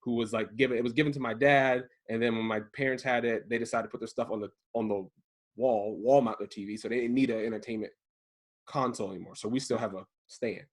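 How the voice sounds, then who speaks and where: A man in his thirties from Maryland telling a story in casual chat, acting out the quotes with lively jumps in his voice. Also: fast. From Prince George's County, Maryland. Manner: animated, acts out quotes with big jumps in pitch. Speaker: podcast co-host telling a story.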